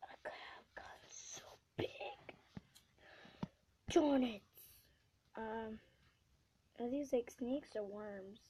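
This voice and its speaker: A woman giving gameplay commentary, excitable, swinging from hushed whispers to sudden shrieks. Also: on the high side, extremely slow, long pauses, a little hiss or hum. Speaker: gamer.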